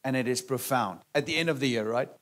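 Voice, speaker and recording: A man preaching a sermon in a conversational way, with rhetorical questions and a frequent "right?" or "amen?" to the congregation, sometimes dropping to quiet asides. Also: mid-range voice, fast talker. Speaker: pastor.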